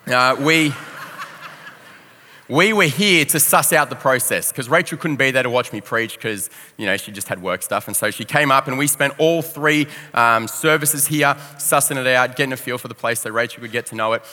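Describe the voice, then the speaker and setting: A young Australian man preaching a sermon as a pastor, telling a personal story in an animated, self-deprecating way and acting out quotes. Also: medium pitch, moderate pace. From Victoria, Australia. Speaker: youth pastor. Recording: long hall reverb.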